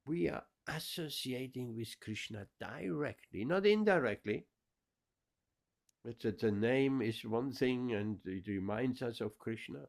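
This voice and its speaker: A man giving a scripture class, explaining verses with emphatic repetition. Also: medium pitch. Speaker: spiritual teacher.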